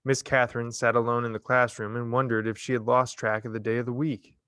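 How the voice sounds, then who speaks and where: A man reading a novel chapter aloud in a measured, expressive storytelling manner. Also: mid-range voice, no echo, studio quality. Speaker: reader. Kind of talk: audiobook narration.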